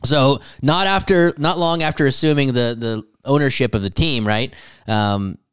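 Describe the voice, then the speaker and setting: In a casual, crude movie recap, a male podcast co-host rambles profanely and laughs often. His medium-pitched voice moves at normal speed with a fairly bright, clean tone and no echo.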